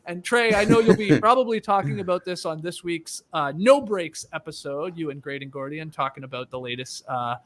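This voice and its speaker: A man's voice: on the high side, lively intonation, brisk, hardly any pauses, fairly bright tone. A man hosting a casual sports podcast, upbeat and chatty, laughing often. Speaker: podcast host.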